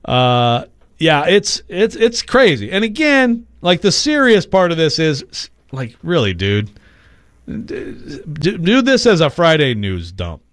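Male radio host, lively swooping voice, sarcastic, dry studio sound. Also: a little high, no echo. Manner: animated, sarcastic, quick asides. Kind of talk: casual sports radio banter. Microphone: studio microphone.

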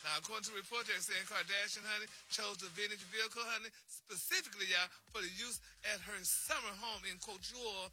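Sassy high-voiced male gossip reporter. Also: steady tone, fairly quick, hardly any pauses, sharp tone. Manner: sassy, sprinkles "honey" and "y'all" through every sentence. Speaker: celebrity news reporter on a morning radio show. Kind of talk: gossip segment on morning radio.

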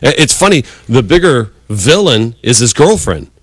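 A man's voice: medium pitch, big pitch swings, normal speed, no room sound. A man hosting a sports talk radio show, chatting casually and rambling with restarts. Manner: rambling, conversational, many restarts.

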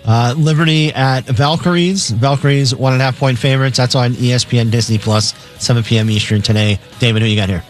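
Male radio co-host, mid-pitched, plain matter-of-fact delivery, faint music bed. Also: a little fast, few pauses. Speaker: co-host reading betting lines. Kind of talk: casual sports radio chat.

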